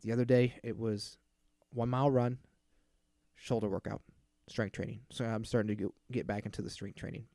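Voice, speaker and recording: A man's voice: lowish voice, little pitch movement, moderate pace, gravelly, warm tone, no echo, clean studio sound. A man in his thirties hosting a casual solo podcast, ranting in an exasperated, profane way and mocking the people he quotes. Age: 30s. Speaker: podcast host.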